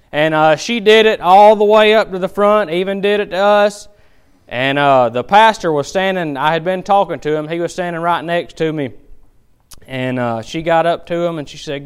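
A man delivers a sermon in a clear, resonant voice that is a little high. Telling folksy stories, he hammers his points home with emphatic, animated energy.

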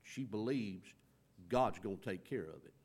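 A man's voice: fairly low pitch, lively intonation, moderate pace, darkish tone, husky. A middle-aged man preaching a conversational sermon in a folksy, storytelling way, acting out quoted lines from scripture.

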